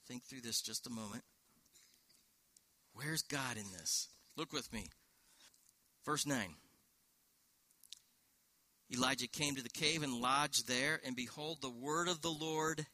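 A man's voice: medium pitch, fairly even intonation, slow pace, long pauses, bright, forceful tone. A man preaching a sermon in a church, walking through a scripture passage with rhetorical questions and quoted verses. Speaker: pastor.

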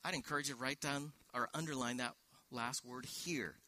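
A man's voice: mid-range voice, steady tone, moderate pace, sharp tone, no echo. A man preaching a sermon in a church, walking through a scripture passage with rhetorical questions and quoted verses. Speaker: pastor.

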